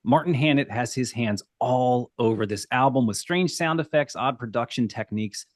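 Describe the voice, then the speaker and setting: A man's voice: medium pitch, normal speed, no echo, clean studio sound. A man co-hosting a podcast, recounting a band's history from his notes in a storytelling way over casual chat. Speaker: podcast co-host.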